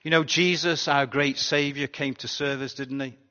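A pastor giving a sermon in a chatty, conversational way, often asking the congregation rhetorical questions. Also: male voice, medium pitch, fairly even intonation, moderate pace, pushed and bright. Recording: dull sound with long hall reverb.

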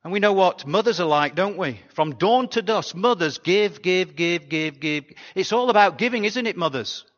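A pastor giving a sermon in a chatty, conversational way, often asking the congregation rhetorical questions. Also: male voice, high-pitched, expressive, normal speed, hardly any pauses. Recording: dull sound with long hall reverb.

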